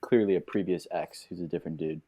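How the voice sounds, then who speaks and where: Blunt, low-voiced male co-host. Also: fairly even intonation, fast talker, mellow, no room sound. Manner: short blunt interjections. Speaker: podcast co-host. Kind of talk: casual podcast chat.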